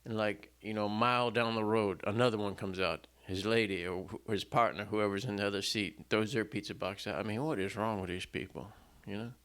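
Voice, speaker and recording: Standing at a front stand mic in a small home stage setup, a male singer-songwriter chats between songs with fairly low pitch and fairly even intonation. He speaks briskly with few pauses and a slightly bright tone, rambling and making fun of himself amid many fillers and restarts.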